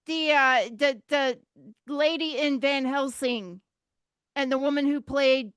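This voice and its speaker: Female co-host, high voice, hesitant and halting, dry close sound. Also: steady tone, fairly bright tone, no room sound, highs cut off. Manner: hesitant, stammering restarts. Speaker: podcast co-host. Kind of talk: casual chat.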